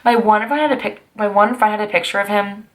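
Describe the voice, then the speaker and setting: A woman's voice: mid-range voice, a little fast. A woman in her twenties talking through personal memories in a chatty, rambling vlog, breaking into sassy asides along the way. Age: 20s. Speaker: vlogger.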